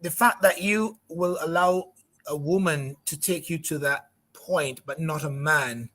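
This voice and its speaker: A man in his fifties speaking as a guest on a live talk show, asking probing questions in a measured, frank way. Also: on the high side, a bit bright.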